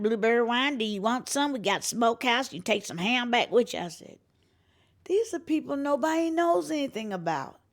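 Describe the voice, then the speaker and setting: Woman, animated storyteller, acts out voices, lively pitch. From North Carolina. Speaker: interviewee, singer and showcase organizer.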